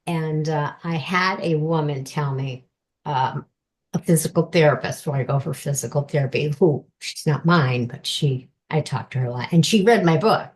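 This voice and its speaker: A woman's voice: low-pitched, normal speed. A woman guest author telling personal stories in a chatty way and laughing often during an interview. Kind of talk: casual interview chat.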